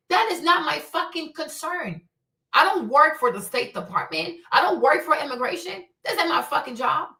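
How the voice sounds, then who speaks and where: A woman with a high, sharp voice delivers a fierce, profane livestream rant. She hammers her points with heavy emphasis. The sound is roomy and echoey, as if the mic sits some way off. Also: animated, moderate pace, creaky. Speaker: livestream host. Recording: echoey room, distant mic.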